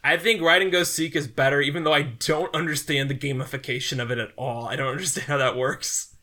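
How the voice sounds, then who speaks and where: A man co-hosting a podcast in casual chat, animated and joking as he rambles along. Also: a little high, a little fast. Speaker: podcast co-host.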